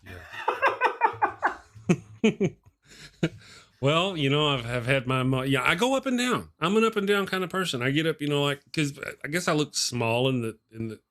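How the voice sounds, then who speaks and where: A man's voice: a little high, sing-song, moderate pace, pauses often, fairly bright tone. A man in his forties hosting a casual livestream talk show, jokey and rambling, laughing often between his remarks. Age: 40s. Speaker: host. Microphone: webcam set above.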